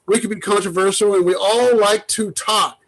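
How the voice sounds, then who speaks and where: Chatty high-voiced man hosting a podcast. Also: fairly even intonation, normal speed, fairly bright tone, rough recording. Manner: loose, chatty, rambling with fillers. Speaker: podcast host. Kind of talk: casual chat.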